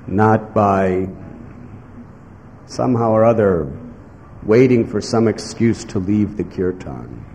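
A man giving a devotional sermon in slow, emphatic phrases, now and then acting out what others might say. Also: fairly low pitch, expressive, darkish tone. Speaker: spiritual teacher. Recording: echoey hall with faint background noise.

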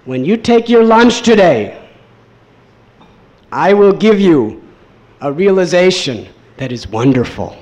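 A man's voice: high voice, sing-song, slow pace, pauses often, a little mellow, exaggerated voice. A man doing a sweet, mischievous boy. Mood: teasing. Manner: sweet, coaxing. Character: mischievous young boy, playful and sweet-talking.

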